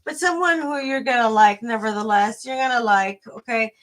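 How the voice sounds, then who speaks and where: A woman's voice: fairly high pitch, normal speed. A woman giving a live tarot reading to viewers, hesitant and rambling, with many fillers and restarts, chatty and friendly. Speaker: tarot reader.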